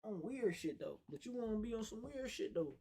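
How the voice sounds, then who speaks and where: A man's voice: high-pitched, animated, a little fast, vocal fry, dark tone, husky. A young man livestreaming in casual chat, blunt and profane, often breaking into laughs.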